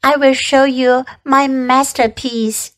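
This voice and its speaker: A woman voicing a wise, kind female spider who speaks softly and slowly in a storybook reading. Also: high-pitched, level tone, poor audio. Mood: gentle.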